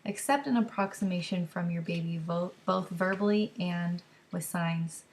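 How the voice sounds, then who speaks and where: A woman who is a mother calmly explains how to teach signs to babies, modelling words and sounds gently as she goes. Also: lowish voice. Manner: slow, careful explaining with gentle demonstrations. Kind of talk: instructional talk to camera.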